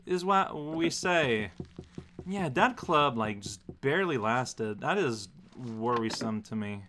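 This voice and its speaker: A man casually commenting on his gameplay, musing out loud and rambling with lots of fillers. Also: mid-range voice, lively intonation, slow pace, noisy background. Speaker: let's play host.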